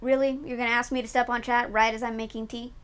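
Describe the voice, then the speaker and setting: Woman streamer, casual live chat, playful and giggly, foul-mouthed, on the higher side. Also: level tone, quick pace, fairly bright tone, smooth. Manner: playful and giggly, swears freely.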